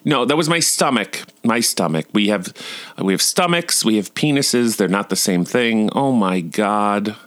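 A man's voice: fairly low pitch, lively intonation, unhurried, a bit bright, no room sound. A man and father telling stories in a casual vlog, chatty and self-mocking, laughing often. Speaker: vlogger and father.

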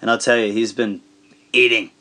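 A man tells stories as a podcast guest in a loose, profane, laid-back way. He leans on fillers and laughs often as he goes. He sounds relaxed and chatty. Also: medium pitch, moderate pace. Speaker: guest, pro skateboarder. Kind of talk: casual storytelling.

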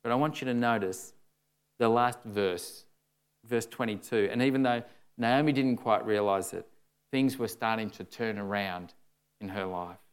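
A man's voice: fairly low pitch, normal speed, clear, resonant tone. A man preaching a sermon in a conversational way, often saying "you know" and acting out the lines he quotes.

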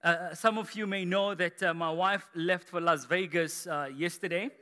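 A man preaching a sermon as pastor to his church, energetic and rising to shouts, from South Africa. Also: high-pitched, normal speed. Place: large church hall. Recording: echoey church hall.

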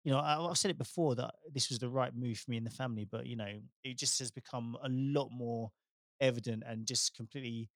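A man's voice: medium pitch, fairly even intonation, a little fast, no room sound, studio quality. A man co-hosting a casual chat, speaking reflectively with lots of "you know"s and easy laughter. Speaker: podcast co-host.

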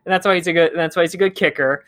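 A podcast co-host chatting casually about a movie, animated and quick to laugh. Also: medium pitch, dry recording, clean studio sound. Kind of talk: casual chat.

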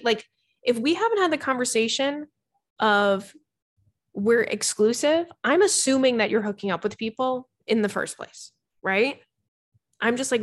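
A young woman hosting a podcast from her home, chatting frankly and casually about dating, swearing freely and calling her listeners "girl.". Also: on the high side. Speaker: podcast host. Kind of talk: casual advice chat reading listener messages. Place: home bedroom with cats.

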